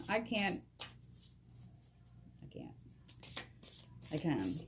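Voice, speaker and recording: Woman doing a card reading vlog, gets excited n laughs a lot, talks right to you, mid pitch, bit of faint noise. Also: unhurried. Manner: excitable and emotional, often laughing and addressing the viewer directly. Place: at a table indoors. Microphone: camera propped on a box.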